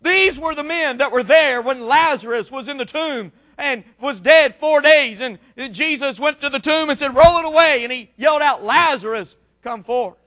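A man preaching a sermon in a strikingly high voice with a bright, forceful edge. He hammers repeated phrases and climbs into shouts. He speaks as a missionary pleading with his church. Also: normal speed, few pauses. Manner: impassioned, repetitive preaching cadence with shouted peaks.

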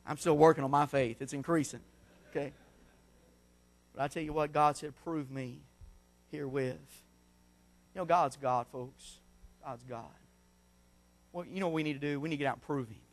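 A middle-aged man preaching a sermon in a church, telling folksy stories and swinging between shouts and hushed asides. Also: a little high, steady tone, moderate pace, pauses often. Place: church sanctuary.

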